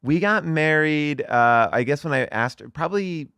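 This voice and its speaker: Animated middle-aged man telling a story. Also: fairly high pitch, normal speed, clear, resonant tone, no echo. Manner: animated storyteller, swearing, many fillers. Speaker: guest. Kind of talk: casual chat.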